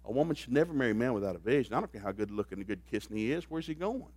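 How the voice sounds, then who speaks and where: A middle-aged man preaching a humorous sermon on marriage, folksy and joking, swinging from quiet asides to loud bursts. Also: mid-range voice, lively intonation, racing, breathy edge, dry recording. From grew up in a blue-collar factory family.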